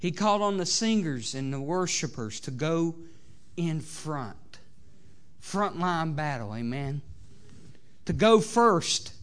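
Southern US male pastor, high voice, sermon delivery, swings loud to soft, frequent amens. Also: lively intonation, measured pace, smooth. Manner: preachy, rising and falling between loud exhortation and soft asides, many "amens". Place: church sanctuary.

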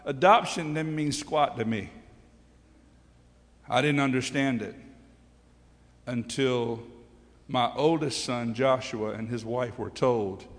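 A man's voice: mid-range voice, slow, long pauses. A middle-aged man preaching a sermon as pastor, emphatic, with call-and-response questions to the congregation. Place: church sanctuary. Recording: long hall reverb.

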